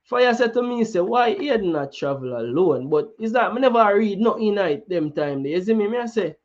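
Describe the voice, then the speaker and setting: Jamaican guy talking football, fairly high voice, slips into patois a lot, kinda muffled. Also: animated, a little fast, few pauses. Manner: mixes Jamaican patois into chatty talk with many restarts. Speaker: football channel host. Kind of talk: casual chat.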